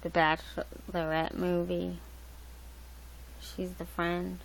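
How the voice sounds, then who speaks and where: A woman's voice: fairly low pitch, level tone, slow, creaky, slight background noise, low-quality recording. A young woman hosting a livestream, rambling loosely with lots of fillers and restarts. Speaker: livestream host. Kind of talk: casual rambling chat. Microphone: laptop mic.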